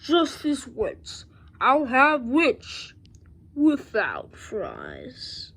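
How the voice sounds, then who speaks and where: A woman voicing a mean, hungry male dragon in a storybook reading, with slow, drawn-out menace. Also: high-pitched, huge pitch swings, creaky, fairly bright tone, slightly rough, full character voice. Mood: menacing.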